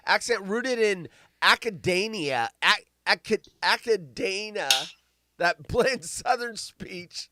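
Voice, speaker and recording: A man's voice: high voice, animated, takes it slowly, pushed and bright, slight background noise. A man hosting a casual chat show, reading news stories aloud with rambling jokes and stumbles. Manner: rambling, joking, stumbling over words while reading. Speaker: show host.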